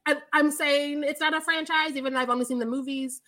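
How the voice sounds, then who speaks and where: Bright, high-voiced woman telling a story. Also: fast talker. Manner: animated, profane storytelling with laughs. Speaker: podcast co-host. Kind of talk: casual chat.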